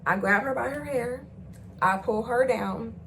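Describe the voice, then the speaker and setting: A young woman, telling a profane storytime in casual chat and jumping into loud, high acted quotes. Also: a little slow, a little hiss or hum, poor audio. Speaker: storyteller vlogger.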